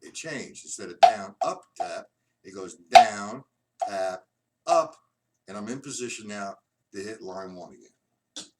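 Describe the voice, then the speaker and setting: A man giving a live-streamed drum lesson, taking his time as he counts beats aloud and walks through each exercise. He sits well back from the mic, and loud noise runs under his voice. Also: on the low side, lively intonation, far from the mic. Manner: slow, patient counting aloud, demonstrating rhythms. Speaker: drum teacher.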